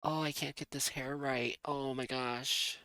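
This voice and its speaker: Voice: mid-range voice, fairly even intonation, measured pace, pushed and bright, clean tone, no echo. A streamer chatting casually while drawing, playful and rambling, with frequent giggly asides. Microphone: desk microphone.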